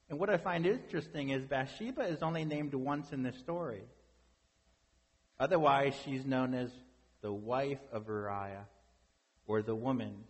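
A man's voice: mid-range voice, moderate pace, breathy edge, long reverb tail. A man preaching a sermon as pastor, conversational and full of rhetorical questions.

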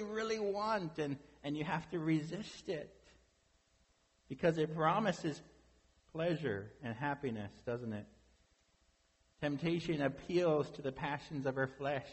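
A man's voice: fairly high pitch, breathy edge, in a large hall. A man preaching a sermon as pastor, conversational and full of rhetorical questions.

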